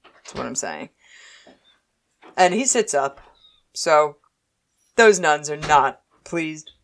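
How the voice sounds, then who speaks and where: A woman casually recapping a TV episode with a co-host, playful and quick to act out the characters. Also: low-pitched, expressive. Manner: playful, acts out characters in quick voices, laughs often. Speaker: podcast co-host.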